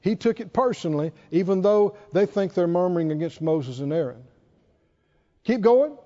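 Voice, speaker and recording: A male preacher giving an animated sermon, reading scripture aloud and acting out the quotes. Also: high-pitched, moderate pace. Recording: dull recording in a reverberant hall.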